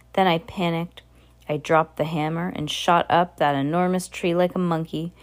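A woman reading a children's novel aloud, earnest, stumbling and restarting now and then. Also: deep voice. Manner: earnest, with small slips and restarts. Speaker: reader.

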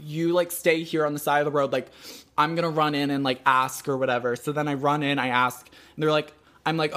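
A young man telling his side in an animated, swearing rant, his voice sitting fairly high for a man. He mocks his partner by acting out her words in casual podcast chat. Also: brisk. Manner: animated, swearing, mocking quotes. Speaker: podcast co-host.

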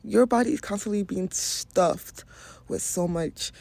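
Gravelly-voiced woman from Nigeria, frank podcast talk. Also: medium pitch, a little slow, mellow, dry recording. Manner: frank and profane, laughs often. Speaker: podcast host. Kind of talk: casual spiritual wellness monologue.

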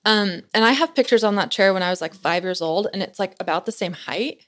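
Young adult woman, casual storyteller, chatty, filler-heavy, animated, mid-range voice. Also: medium pitch, fairly quick. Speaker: guest telling a story.

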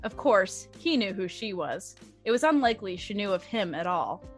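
A young woman reads a story aloud in a casual, chatty way, with some giggles along the way. Her voice sits at a middle pitch. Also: animated, normal speed, faint music behind. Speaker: fanfic reader.

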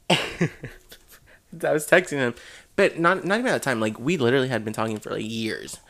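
Young man, self-confessed drama queen, swears freely, lively pitch. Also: moderate pace. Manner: dramatic, profane, laughing. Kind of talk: casual storytelling chat.

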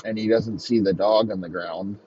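A man improvising a profane comic story in a deadpan narrating manner. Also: on the low side, normal speed, a little hiss or hum. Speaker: comedy podcast host. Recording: muffled lo-fi recording.

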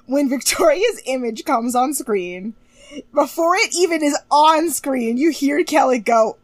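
A young woman co-hosting a podcast, chatting casually and animatedly about a TV show, gossipy and quick to laugh, sounding a bit tired. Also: high voice, animated, no room sound. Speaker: podcast co-host recapping a TV show. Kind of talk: casual chat.

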